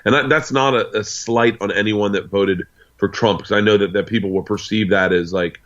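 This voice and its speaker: Here the same kind of speaker, an American male comedian guest with a fairly low voice, speaks at a normal pace with few pauses. He's a profane, animated storyteller in a casual chat, playing both parts of each exchange, captured on dull lo-fi audio.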